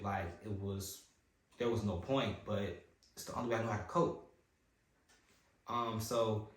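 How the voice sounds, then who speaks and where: A young man with a lowish voice shares a personal story on a podcast in a candid, conversational way, playing out his own past thoughts and others' words as he goes. The recording carries a noticeable roomy echo.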